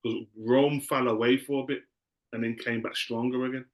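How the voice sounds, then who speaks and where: A man's voice: mid-range voice, fairly even intonation, normal speed. A man teaching a class in a loose, conversational way, often repeating himself.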